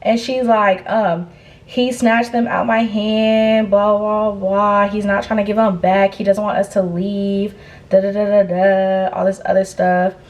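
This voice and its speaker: A young woman casually recounting a wild night in a storytime vlog, animated and full of profane slang. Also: mid-range voice, unhurried, poor audio. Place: indoors, getting ready.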